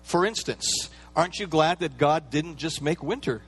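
A pastor preaching a sermon in a relaxed, conversational way, with playful asides and everyday fillers. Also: male voice, a little high, moderate pace, slightly rough.

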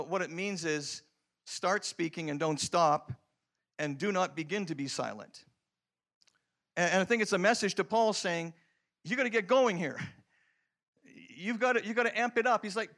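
Middle-aged man, high-pitched; pastor preaching a story-driven sermon, emphatic then hushed. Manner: storytelling, swings from loud emphatic lines to hushed prayerful ones.

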